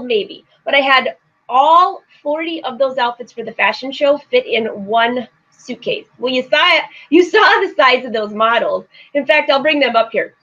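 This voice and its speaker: A middle-aged woman hosts a live sewing show in a bright, high voice, chatting and laughing with viewers while reading their comments aloud. It's casual live-stream talk, and the audio is slightly dull and lo-fi.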